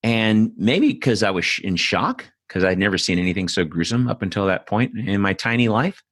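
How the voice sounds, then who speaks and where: A middle-aged man with a very deep voice speaks alone as host of his own show. He talks bluntly and curses freely, with many fillers and restarts. The recording is dry, with almost no room sound. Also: animated, normal speed, a bit bright, no room sound. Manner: blunt and profane, with frequent fillers. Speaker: podcast host. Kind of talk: solo casual monologue.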